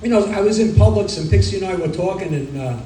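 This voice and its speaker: A middle-aged man from Brooklyn with a New York Italian accent, doing a stand-up comedy set with rapid-fire one-liners and deadpan punchlines. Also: high voice, a little hiss or hum. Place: comedy club stage. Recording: roomy club sound from a distance.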